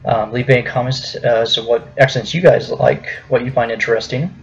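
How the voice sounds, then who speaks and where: A hesitant young American YouTuber gives casual vlog commentary in a gravelly, medium-pitched voice, fairly even in intonation and a little fast, with many ums and restarts. The audio is dull and lo-fi, with faint music behind him.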